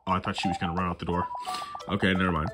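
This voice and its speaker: A man's voice: deep voice, flat delivery, very fast, loud music behind the voice. A young man giving goofy, rambling commentary while playing a life sim game on his own channel. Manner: goofy, rambling, self-mocking. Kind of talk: casual gameplay commentary.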